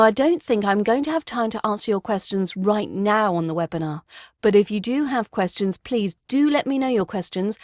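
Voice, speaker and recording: A woman accent coach speaks in a polished Southern English RP accent, and her pitch sits in a middling range. Her delivery is clear and deliberate, with a keen selling tone. The recording is dry and close, with no room sound. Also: dry recording. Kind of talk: scripted webinar presentation.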